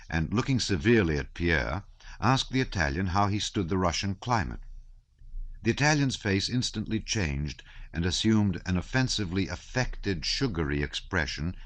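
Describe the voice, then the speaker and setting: A man reading a classic novel aloud as an audiobook narrator, measured and expressive. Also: low voice, dry recording.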